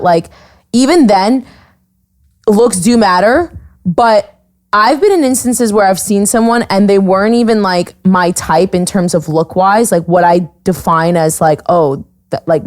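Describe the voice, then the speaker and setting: A woman's voice: mid-range voice, a little slow, a little mellow. A young woman hosting a podcast, chatting casually and bluntly, laughing often and acting out quoted exchanges. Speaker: podcast host. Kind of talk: casual chat.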